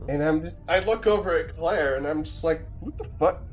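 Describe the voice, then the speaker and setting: A man's voice: fairly high pitch, brisk, faint music behind. A young man streaming, telling a rambling, profane, self-deprecating story in a casual way into a desk mic.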